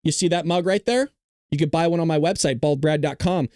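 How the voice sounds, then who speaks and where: Excitable male political livestream host. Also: a little high, a little fast, dry recording, clean studio sound. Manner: excitable, joking and combative, talking straight to chat. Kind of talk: live-streamed political commentary.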